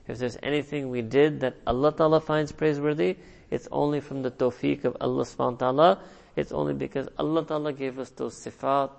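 A man delivers a sermon in a gravelly, creaky voice at a middle pitch. He works by repetition and rhetorical questions, and slips in Arabic and Urdu terms as he teaches. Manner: rhetorical, repeats phrases, asks "hmm?" to listeners; quotes Arabic and Urdu phrases. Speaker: religious teacher.

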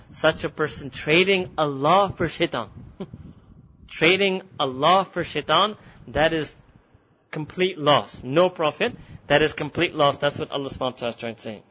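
Male Quran teacher, rapid, animated and laughing, high and bright voice, lo-fi lecture recording. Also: breathy edge. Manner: animated, laughs often, switches between English and Urdu. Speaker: religious teacher.

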